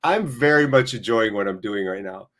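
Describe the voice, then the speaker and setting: A man's voice: on the low side, expressive, normal speed, a bit bright. A man with a fever, hosting a casual live football watchalong, rambling, self-mocking and swearing casually. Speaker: livestream host.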